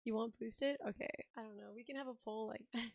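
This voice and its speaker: Hoarse, raspy young woman streaming. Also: fairly high pitch, steady tone, brisk, no echo, muffled recording. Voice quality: rough, raspy voice. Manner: chatty, giggly, reads chat aloud. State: hoarse, tired voice. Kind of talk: casual live-stream chat.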